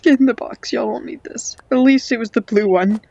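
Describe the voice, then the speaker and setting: A woman's voice: a little high, brisk, vocal fry, warm tone, muffled recording. A woman with a stuffy nose giving casual, playful commentary on a game she is playing at home, talking to the characters and now and then dropping into a whisper. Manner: drops to whispers at times. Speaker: game vlogger. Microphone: cheap home microphone.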